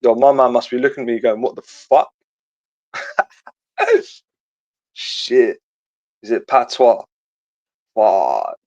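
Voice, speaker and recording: A man's voice: medium pitch, slow pace, pauses often, darkish tone, no echo, dull audio. A young man, a radio caller chatting casually in a slangy, rambling way with lots of swearing. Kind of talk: casual phone-in chat.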